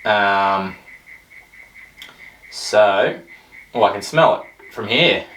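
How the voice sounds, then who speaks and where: The host of a beer tasting show, a man with a lowish, slightly bright voice who draws out his words, rambles and jokes his way through the episode. He's recorded from a distance, off-mic, with an echoey room sound.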